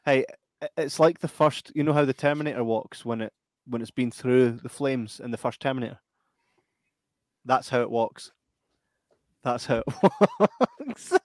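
Excitable sweary man. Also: mid-range voice, moderate pace, dry recording. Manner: enthusiastic, sweary, laughs a lot. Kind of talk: casual chat.

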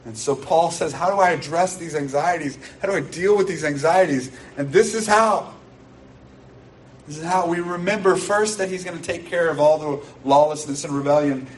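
A man preaching a sermon in a church, his voice sitting slightly high. He speaks earnestly and emphatically, circling back on key phrases. The mic is some way off, and faint noise hangs behind him. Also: moderate pace, far from the mic, poor audio. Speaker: pastor.

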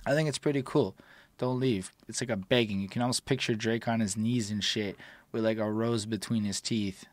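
A man's voice: on the low side, fairly even intonation, fairly quick, dry recording. A young man co-hosting a casual music review chat, rambling loosely with lots of filler words. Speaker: podcast co-host reviewing music.

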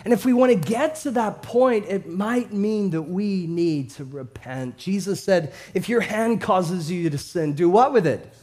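Preaching with a high voice, a man in his thirties speaks a little slowly and barely pauses at all. As a pastor telling stories, he's animated, swinging from hushed tones to loud ones, with laughter mixed in.

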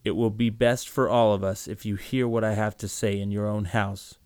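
A man reads as a calm young husband who will not back down. His words come out cold, firm and scornful, in a low voice. The sound is close and dry. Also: moderate pace, smooth, no room sound, lightly acted. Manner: firm, iron-voiced, contemptuous.

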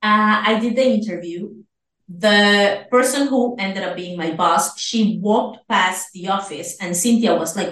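A woman's voice: medium pitch, a bit bright. A woman from Venezuela, a guest telling her story animatedly and acting out the voices of people she quotes. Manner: acts out quoted voices, fast bursts. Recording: roomy, distant from the mic.

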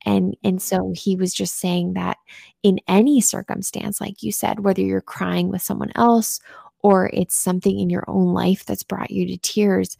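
A woman's voice: medium pitch, little pitch movement, moderate pace, gravelly, warm tone, no room sound, studio quality. A woman in her thirties co-hosting a faith podcast, telling a personal story in an earnest, chatty way. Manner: earnest storytelling, reads prayer text aloud. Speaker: podcast co-host. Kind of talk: casual faith chat.

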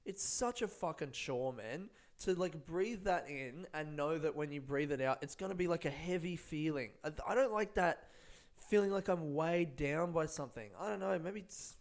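A man's voice: on the high side, normal speed. A young man, a stand-up comedian, rambling laid-back through a casual solo podcast on a close microphone, swearing often.

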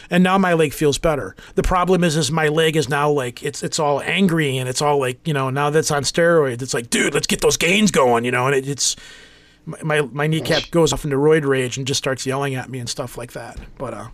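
Fast-talking man in his forties. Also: mid-range voice, dry recording. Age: 40s. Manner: rambling, joking, acts out quotes. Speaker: podcast co-host. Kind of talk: casual storytelling chat.

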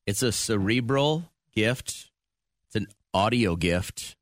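A man's voice: on the low side, lively intonation, slow, no room sound. A man co-hosting a studio podcast, teasing his co-host in casual banter.

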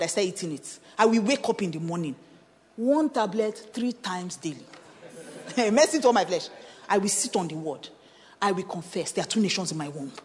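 A woman pastor with a Nigerian accent, preaching a sermon full of personal testimony, telling her story animatedly with laughter, bits of pidgin and bursts of shouting. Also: on the high side. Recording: reverberant conference hall.

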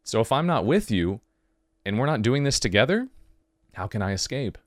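A man's voice: mid-range voice, big pitch swings, normal speed, no echo, studio quality. A man hosting a podcast, delivering a heartfelt monologue in an earnest, emphatic way, full of rhetorical questions. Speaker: podcast host.

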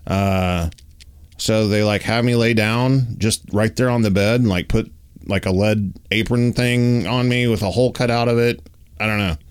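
In a clear, resonant voice at a moderate pace, a man shares an anecdote during relaxed chat. He peppers it with "like" and "you know," and performs the dialogue animatedly in a higher pitch.

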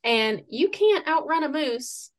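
A woman guest on a podcast, telling a hunting story in a lively, casual way with laughs and acted-out quotes. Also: high-pitched, slow pace. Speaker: podcast guest, fitness coach and moose hunter.

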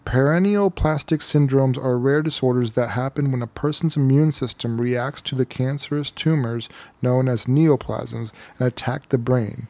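A man's voice: medium pitch, normal speed, dark tone, dry recording. Casual man reading case notes aloud. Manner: reads case notes aloud, stumbling on medical terms. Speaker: podcast co-host. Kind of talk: casual chat.

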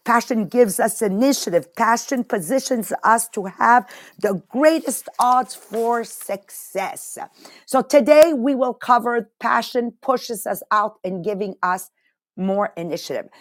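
A woman with a French Canadian accent hosting a motivational podcast, talking in an animated, emphatic way and repeating words for effect. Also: a little high, measured pace. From Quebec. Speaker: podcast host. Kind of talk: casual motivational talk.

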